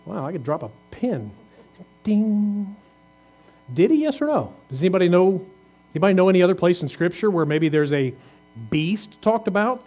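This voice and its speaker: A man's voice: sits high, sing-song, a little fast, darkish tone. A man preaching a conversational sermon, asking his congregation questions as he reads scripture. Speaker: pastor.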